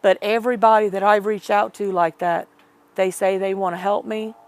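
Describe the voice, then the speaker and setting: A woman's voice: medium pitch, flat delivery, moderate pace. A middle-aged woman telling a personal story in an interview, rambling and correcting herself as she retells old conversations.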